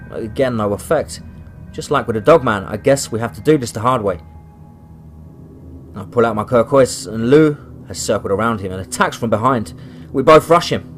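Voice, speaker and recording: A man reading a first-person horror story aloud, dramatic and rising to shouts. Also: mid-range voice.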